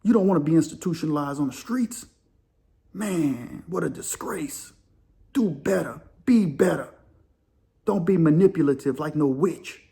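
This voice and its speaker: A man's voice: a little high, moderate pace, creaky, dark tone. A man hosting a crime and prison storytelling channel, talking casually in street slang and pressing his points with pointed rhetorical questions.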